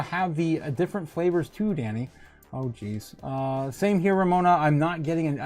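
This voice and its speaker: A man's voice: fairly high pitch, a little mellow. A man hosting a casual livestream who reads out viewer comments, rambling and joking and laughing often. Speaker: livestream host.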